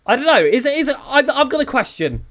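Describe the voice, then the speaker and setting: A young man from the south of England with a southern English accent, chatting casually with his live-stream viewers and joking around. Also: fast. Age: young adult. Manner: chatty and joking, with lively swings in pitch.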